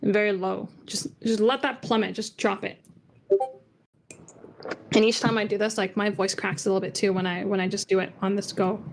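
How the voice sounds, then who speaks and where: A woman teaching an online beginner lesson on Cantonese tones, chatty and loose, stretching out syllables to show how the pitch moves. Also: level tone, moderate pace, creaky, slight background noise. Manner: chatty, demonstrates tones by singing them out.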